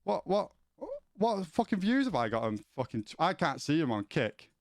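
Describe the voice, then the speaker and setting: A man's voice: a little high, very animated, normal speed, no room sound, clean studio sound. A man streaming from home, chatting casually with his viewers, rambling and swearing, often stumbling as he starts a sentence. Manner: sweary, rambling, repeats words when starting.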